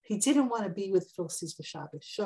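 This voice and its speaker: A woman teaching a Bible class, lively and conversational, jumping up high when she acts out quotes. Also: fast, a little hiss or hum. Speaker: Torah teacher.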